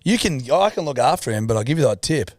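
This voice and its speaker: A man's voice: medium pitch, big pitch swings, fast talker, darkish tone, no echo, studio quality. Blunt swearing man. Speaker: podcast co-host. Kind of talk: casual chat.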